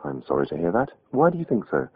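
Brisk no-nonsense doctor, read by a man, lively delivery, tinny lo-fi tape. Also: deep voice, breathy edge, dry recording, exaggerated voice. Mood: firm. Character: calm, reassuring male doctor giving advice.

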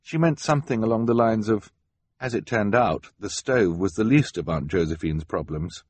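A man's voice: on the low side, moderate pace, a little mellow, husky, no room sound. A man narrating a storybook with a wry, melancholy storyteller manner, close to the microphone. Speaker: audiobook narrator.

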